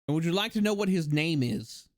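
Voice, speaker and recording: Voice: mid-range voice, animated, brisk. A livestreamer in casual chat, rambling and joking with many fillers and laughs.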